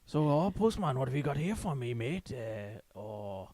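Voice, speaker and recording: A man's voice: medium pitch, sing-song, measured pace, no echo, pitched above the performer's own voice. Man doing a chirpy old Welshman. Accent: Welsh, drifting. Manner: loud, chirpy, hearty. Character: chirpy old Welshman sharing life wisdom.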